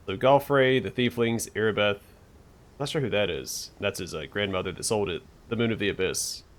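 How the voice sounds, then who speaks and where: A man's voice: lowish voice, moderate pace. A man hosting a game playthrough, reading the narration aloud and mumbling asides. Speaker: let's play host. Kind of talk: reading game text aloud with casual commentary.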